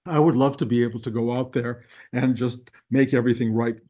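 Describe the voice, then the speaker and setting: An older man leads his class in a reflective spiritual talk, speaking earnestly in a plain, middle-pitched voice. He talks conversationally over a video call. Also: fairly even intonation, a little fast, dark tone. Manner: earnest, conversational, slips into acted inner voices. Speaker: spiritual teacher.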